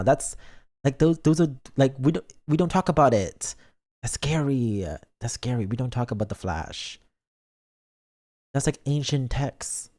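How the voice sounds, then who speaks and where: A young man with a medium-pitched, darkish voice streams as a vtuber, casually reading and answering viewer comments. He's playful, puts on dramatic mock outrage, and often stumbles over his words.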